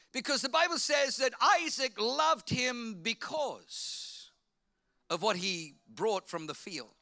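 A man preaching a sermon, fervent, repeating phrases and swinging from loud to hushed. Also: very high voice, vocal fry. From Australia. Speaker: pastor.

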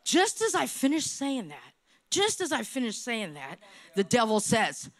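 A woman from Hawaii gives a church testimony in a high, bright voice. Her pitch leaps and swoops constantly as she tells her story dramatically. She repeats key phrases for emphasis, like a seasoned preacher. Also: a little slow. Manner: animated, dramatic storytelling with repetitions. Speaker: church speaker giving testimony. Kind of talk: sermon testimony.

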